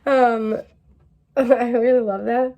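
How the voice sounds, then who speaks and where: A woman's voice: a little high, fairly even intonation, takes it slowly. A woman giving a casual pick-a-card tarot reading, chatty and laid-back, with lots of fillers and easy laughter. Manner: puts on a mellow drawl for quoted phrases.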